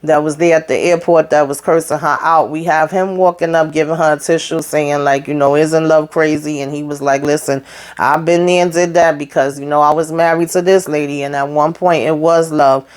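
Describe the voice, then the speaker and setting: A woman breaks down a drama episode for her viewers in a loose, conversational recap. Her voice sits a little low, and she sounds chatty and fed up with the characters, slipping into slang as she goes. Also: steady tone, normal speed. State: headache. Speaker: TV recap host. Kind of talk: casual show recap.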